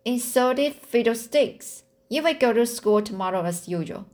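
A woman's voice: on the high side, animated, measured pace, darkish tone. Stern, dismissive older woman guardian, read by a woman from a storybook.

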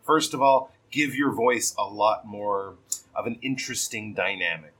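A man teaching pronunciation, giving patient feedback on a learner's reading and modelling sentences slowly with strong stress. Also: lowish voice, a bit bright, husky, poor audio.

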